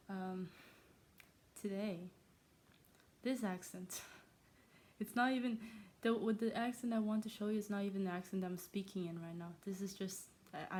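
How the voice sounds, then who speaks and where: Woman from China with a soft, warm-toned voice and a homemade mixed accent, chatting scattered and self-mocking as a vlogger. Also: mid-range voice. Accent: self-made blend of Irish, American and Chinese. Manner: playful, scattered, self-mocking, trails off often. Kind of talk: casual rambling monologue. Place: her own room.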